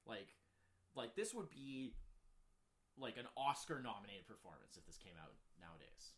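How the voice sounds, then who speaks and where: Chatty man with eager rising pitch. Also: moderate pace. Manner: rambling, many "like" fillers, animated pitch jumps when excited. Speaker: co-host ranking films. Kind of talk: casual chat.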